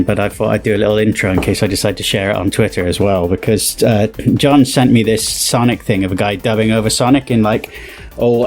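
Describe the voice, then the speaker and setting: Rambling British man explaining, mid-pitched. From United Kingdom. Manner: rambling, many fillers and restarts. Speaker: video creator. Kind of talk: casual explainer vlog.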